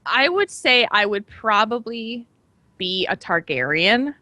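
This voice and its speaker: A woman's voice: on the high side, expressive, slow pace, sharp tone, dry recording. A woman in her thirties co-hosting a podcast in casual chat, laughing often as she talks. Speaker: podcast co-host.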